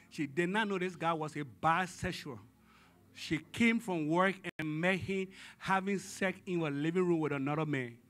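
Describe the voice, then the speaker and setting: Delivering a sermon at a church service, this male pastor is dramatic, dropping to a hush one moment and shouting the next while urging the congregation to answer back. His pitch sits a little high.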